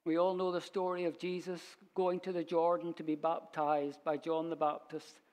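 A man teaching a Bible sermon in a church, unhurried and storytelling as he quotes verses. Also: a little high, darkish tone. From Scotland. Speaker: preacher.

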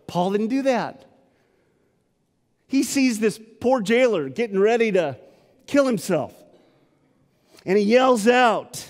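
A male pastor giving a sermon and telling its story in a lively, dramatic way. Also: extremely high pitch, a little slow, pauses often, big-room sound.

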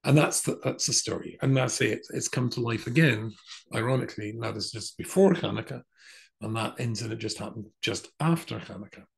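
A man's voice: mid-range voice, brisk, creaky. An older man from England, a rabbi, telling a long personal story in a rambling way with many fillers and restarts. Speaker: rabbi giving a talk. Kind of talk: storytelling talk.

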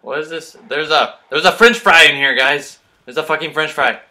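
A man's voice: a little high, normal speed, pushed and bright, a little hiss or hum. A young man hosting a gaming video, chatting in a goofy, playful way. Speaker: gaming channel host. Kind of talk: casual gaming chat.

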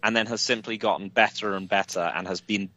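A man co-hosting a casual podcast, talking through his points in a measured, analytical way with many fillers. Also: on the low side, steady tone, bright, forceful tone. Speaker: podcast co-host. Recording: dull lo-fi dry mic.

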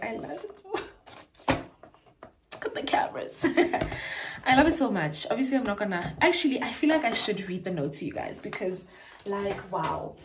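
A woman's voice: medium pitch, background noise. Gushing young woman. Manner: gushing and excitable, slangy. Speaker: vlogger and school teacher. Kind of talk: casual haul chat.

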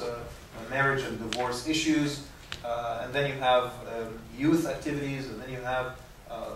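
Imam lecturing from far in an echoey room. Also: male voice, mid-range voice, slight background noise. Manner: conversational, restarts and repeats words. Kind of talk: lecture with audience questions.

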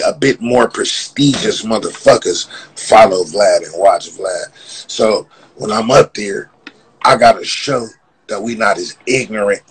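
A man ranting casually on his vlog, repeating the same slang and laughing as his voice jumps up when he gets animated. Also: on the low side, slightly rough, poor audio. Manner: repetitive, profane, keeps saying "blood". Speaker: vlogger.

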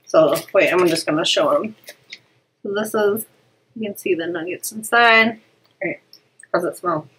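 A woman's voice: fairly low pitch, moderate pace, pauses often, a bit bright, slightly rough, rough recording. A woman in her thirties hosting a casual family snack unboxing, chatty and laughing often, stumbling over foreign names. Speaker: family channel host.

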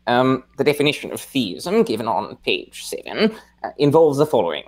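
A man's voice: medium pitch, very animated, darkish tone. A man doing a fussy elderly philosopher. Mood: pedantic. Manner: measured lecturing with careful qualifications. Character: elderly male philosopher, slow, fussy, pedantic. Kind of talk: impression of a real academic.

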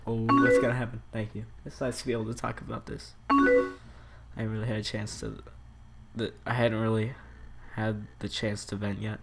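Animated young man playing a game. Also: fairly low pitch, normal speed, gravelly. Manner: animated, joking, reads chat messages aloud. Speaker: gaming channel host. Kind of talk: let's play commentary. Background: loud game music.

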